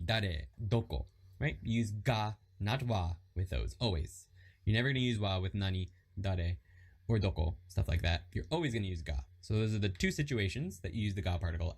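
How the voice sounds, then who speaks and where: A chatty man with a lively pitch gives a casual lesson explanation. He's a Japanese learner who teaches lessons, and he stays relaxed, reading example sentences aloud and repeating them.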